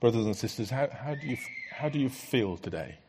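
A man preaching a sermon in a church, earnest and conversational, letting many lines drop soft. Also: mid-range voice, animated, brisk, slight background noise.

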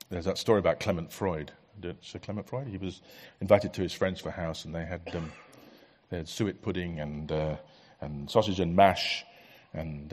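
A man delivers a sermon in a church, talking to the congregation in an earnest, conversational way. His voice sits on the low side and has a husky edge, and he often lets a phrase fall away to something softer. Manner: earnest, conversational preaching with soft dropping asides. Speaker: preacher.

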